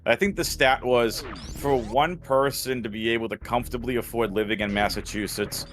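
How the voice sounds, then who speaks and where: A man's voice: medium pitch, normal speed, fairly bright tone, faint music behind. Chatty joking male game commentator. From New England. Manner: chatty, joking, laughs often. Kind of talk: casual live commentary.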